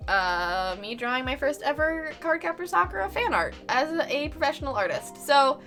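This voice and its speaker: A woman's voice: high-pitched, big pitch swings, normal speed, sharp tone. A woman artist chatting casually with her viewers on a live stream, effusive and giggly, laughing often. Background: faint background music.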